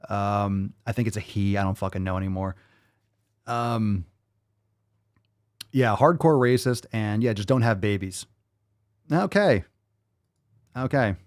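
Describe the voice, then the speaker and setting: A man's voice: fairly low pitch, unhurried, pauses often, dry recording, clean studio sound. A man hosting a show, reacting to video clips with blunt, profane, mocking commentary.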